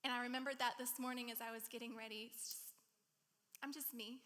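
A woman's voice: fairly high pitch, little pitch movement, brisk, in a large hall. A woman preaching to a congregation in an emotional, candid manner. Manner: emotional, warm-hearted, candid. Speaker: guest speaker. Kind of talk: sermon. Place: church sanctuary.

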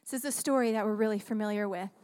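A woman preaching a sermon in an animated, humorous, conversational way, often asking the audience questions. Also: medium pitch, rapid-fire. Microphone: handheld microphone. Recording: long reverb of a large hall.

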